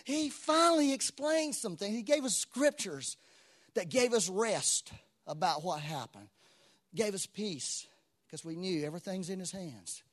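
Animated preacher man, higher voice. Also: a little slow. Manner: animated storytelling, swinging between loud exclamation and quiet asides. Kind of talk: sermon.

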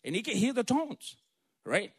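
A man's voice: on the high side, sing-song, normal speed, no room sound, clean studio sound. A man giving an informal Bible teaching, talking conversationally and retelling scenes in casual slang. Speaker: preacher.

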